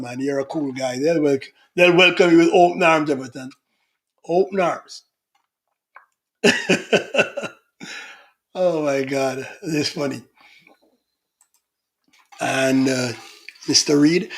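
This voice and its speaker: A man's voice: medium pitch, moderate pace, fairly bright tone. A middle-aged man hosting a casual livestream, reading out viewer comments in a chatty, teasing manner. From Jamaica. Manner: chatty, teasing, laughs often.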